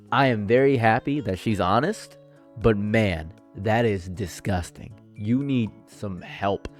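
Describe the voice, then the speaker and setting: A man reacting to a forum story he reads aloud, ranting and animated, jumping from loud outbursts to low murmurs. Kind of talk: casual commentary.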